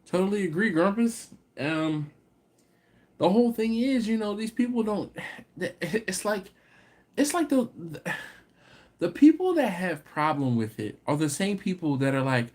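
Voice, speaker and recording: A barbecue channel's host runs a live stream, chatting casually and responding to viewer comments. His high-pitched voice is unhurried, and he gets animated and laughs, working up to exasperated rants.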